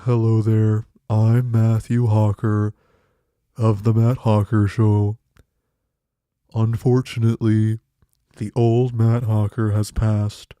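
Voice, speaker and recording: A man voicing a gloomy, solemn male stand-in host who talks slowly and flatly in a mournful way, as a comedy podcast bit. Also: fairly low pitch, clean tone, no room sound, clean studio sound, faint music behind. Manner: slow, flat, mournful delivery.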